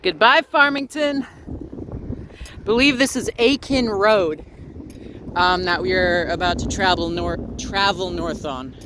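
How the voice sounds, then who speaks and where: A man with a slightly high voice narrates his bike ride outdoors, rambling along with dry little asides and lots of "uh"s. He speaks into a camera mounted on the bike. Faint street noise hums in the background. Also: unhurried. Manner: rambling, wry asides, frequent "uh". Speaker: transit vlogger. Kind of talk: casual narration while cycling.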